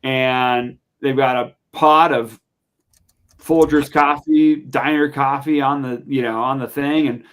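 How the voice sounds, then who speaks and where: A man's voice: medium pitch, takes it slowly, clean tone. Chatty young man telling a story. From Montana, USA. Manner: animated, chatty, lots of fillers. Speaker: podcast guest. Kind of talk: casual storytelling.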